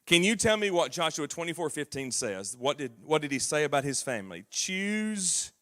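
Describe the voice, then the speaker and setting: A man's voice: a little high, lively intonation, a little fast, bright, forceful tone. A man with a Southern US accent, a Bible class teacher patiently quizzing and prompting children during a church service. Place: church auditorium.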